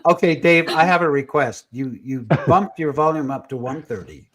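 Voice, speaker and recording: A man's voice: a little high, normal speed, fairly bright tone. A man hosting a casual panel podcast, teasing and playfully opinionated. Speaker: podcast host.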